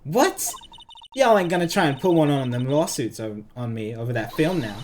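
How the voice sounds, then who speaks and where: A woman reading aloud as a brash, quick-tempered country woman photographer, scolding and folksy. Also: rumbling low, animated, darkish tone, a little hiss or hum. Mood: defiant.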